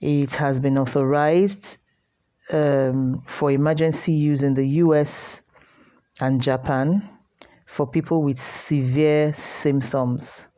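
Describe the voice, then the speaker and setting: A woman teaching an online class from home, measured and repeating key words for her students. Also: sits low, steady tone, warm tone, muffled recording. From Nigeria.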